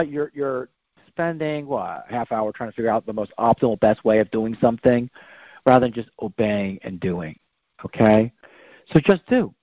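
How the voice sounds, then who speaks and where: A middle-aged man talking casually about faith and life as a guest, preachy and animated, leaning on "okay?" and "you know". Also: medium pitch, no room sound. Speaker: guest speaker. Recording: dull lo-fi dry recording.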